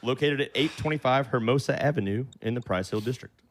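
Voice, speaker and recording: A man's voice: medium pitch, fast talker. Man reading out quiz questions. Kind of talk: reading trivia questions aloud.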